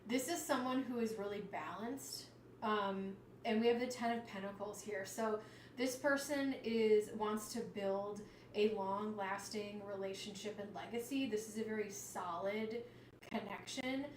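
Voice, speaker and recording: Excitable woman giving a tarot reading. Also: mid-range voice, measured pace, recorded from a distance, a little hiss or hum. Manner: chatty and animated, exclaiming over cards. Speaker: tarot reader. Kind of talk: live-stream tarot reading. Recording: roomy sound, slightly off-mic, faint ambience.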